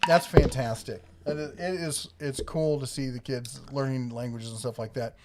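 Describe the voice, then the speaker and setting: A man's voice: mid-range voice, fairly even intonation, normal speed, very noisy. A middle-aged man co-hosting a casual livestream from home, telling family stories and reading viewer comments with frequent chuckles. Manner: storytelling, chuckles often. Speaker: livestream co-host.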